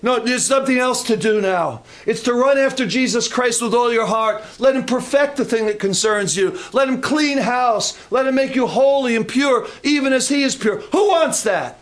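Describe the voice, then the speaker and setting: A man's voice: very high-pitched, normal speed, few pauses, a bit bright. A man preaching a sermon in church, emphatic and questioning his congregation.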